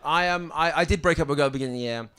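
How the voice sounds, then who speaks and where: A young man doing a stand-up set on a club stage, with a halting deadpan delivery full of ums and restarts. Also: on the high side, clean tone. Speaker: stand-up comedian. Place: comedy club stage with audience. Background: audience laughter.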